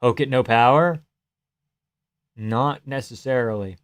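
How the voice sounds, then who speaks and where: A young man hosting a livestream, reacting to a fight with casual, profane commentary, yelling advice at the fighters and laughing often. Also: mid-range voice, a little slow, clear, resonant tone. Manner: excitable, profane, yells at fighters, frequent laughs. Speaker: livestream host.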